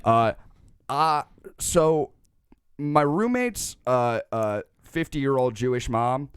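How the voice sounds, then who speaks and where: A young man co-hosting a casual comedy podcast, telling stories in an excitable, profane way. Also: medium pitch, takes it slowly, smooth, dry recording, studio quality. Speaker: podcast co-host.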